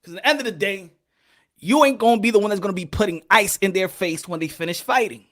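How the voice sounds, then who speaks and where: A man doing boxing commentary as a loud, profane, animated casual rant, laughing often. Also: sits high, fast.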